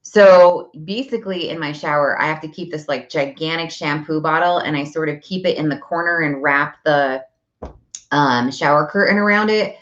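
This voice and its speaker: A woman's voice: low-pitched, normal speed, fairly bright tone, roomy sound. A woman hosting a parenting talk, chatting casually and acting out talks with her kids. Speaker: parenting podcast host. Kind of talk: casual chat. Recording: dull lo-fi audio.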